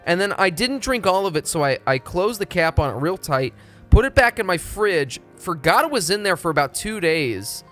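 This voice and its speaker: A man's voice: high voice, sing-song, moderate pace, a bit bright, faint music behind. A young man from Texas, chatting casually and profanely on a live stream. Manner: rambling, profane, laid-back.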